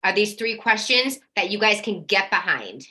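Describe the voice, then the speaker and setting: A woman runs a live workshop for parents, energetic and blunt, with a medium-pitched voice at a normal pace. She curses casually and sometimes mimics the worried questions parents ask.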